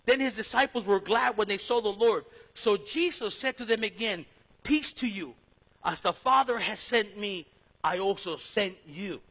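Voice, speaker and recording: Husky high-voiced male pastor. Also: moderate pace, poor audio. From East Los Angeles. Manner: storytelling, swings from loud to hushed. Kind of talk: sermon.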